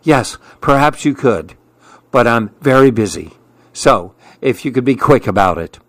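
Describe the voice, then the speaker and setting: A man voicing a fussy, self-important busy male pigeon in a storybook reading, speaking in a huffy, rushed way. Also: mid-range voice, lively intonation, a bit bright, no echo. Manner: huffy and hurried.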